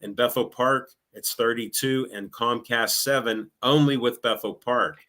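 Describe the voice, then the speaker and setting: A man's voice: mid-range voice, fairly even intonation, unhurried, bright, forceful tone. A middle-aged man, telling stories in a chatty, sarcastic way. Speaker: guest, local show host. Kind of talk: casual chat.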